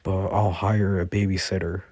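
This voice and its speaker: Brief: man reading as gentle caring teen boy hero, low flat gravelly tone. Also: moderate pace, dry recording. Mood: reassuring.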